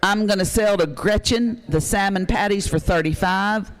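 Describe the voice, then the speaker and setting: A man runs a charity auction. He calls out bids with excitement, teases the bidders and keeps pushing the price up. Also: high voice, normal speed. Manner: excitable, urging bidders on, joking. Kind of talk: live auction calling.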